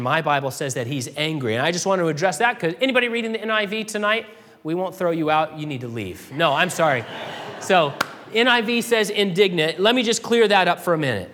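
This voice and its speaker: A man preaching a sermon to a congregation, animated, swinging from loud declarations to hushed lines. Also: fairly high pitch. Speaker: pastor. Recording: long hall reverb.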